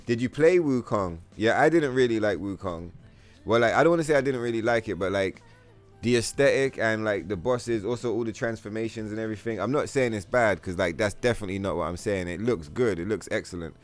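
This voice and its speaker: On this gaming stream, a young man's low-ish voice moves a little fast as he reads chat and replies to viewers. The talk is loose and profane with plenty of fillers, and there's faint music under it.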